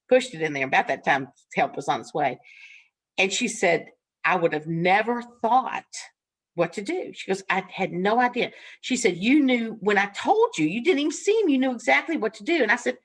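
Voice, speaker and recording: A woman's voice: medium pitch, lively intonation, a little fast, slightly rough. An older woman teaching a nursing class, frank and folksy, laughing often as she tells stories from the ward. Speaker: nursing instructor. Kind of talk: classroom lecture with storytelling.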